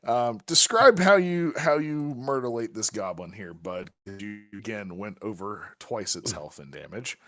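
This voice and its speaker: A man narrating a tabletop game as game master, talking in a halting way with many restarts and fillers. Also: on the low side, lively intonation, fairly bright tone, faint music behind.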